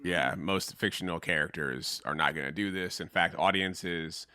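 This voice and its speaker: A man's voice: low voice, normal speed, pushed and bright, no room sound. A man co-hosting a podcast, explaining history in an earnest, casual way. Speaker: podcast co-host. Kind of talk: casual discussion.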